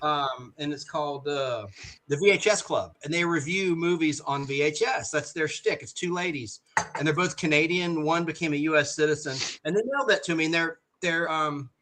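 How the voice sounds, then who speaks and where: A man's voice: fairly high pitch, moderate pace, pushed and bright, a little hiss or hum. A man chatting on a video call as a panel guest, telling frank personal stories with many restarts. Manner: frank storyteller, rambling with restarts. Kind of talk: casual chat.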